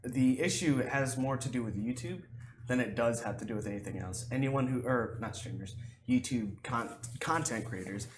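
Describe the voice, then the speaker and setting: A man co-hosting a podcast, chatting casually and telling stories in an animated way. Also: medium pitch, normal speed, a little hiss or hum. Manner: animated storyteller who jumps into voices. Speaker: podcast co-host. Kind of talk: casual chat.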